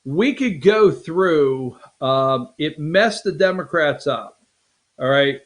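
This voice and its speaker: Animated, rambling man, raised pitch. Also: slow pace. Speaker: political commentary host. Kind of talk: casual political commentary.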